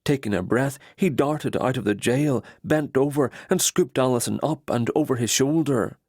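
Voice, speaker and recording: A man narrating a romance audiobook in steady, even storytelling. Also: mid-range voice, normal speed, no room sound, clean studio sound. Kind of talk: scripted narration.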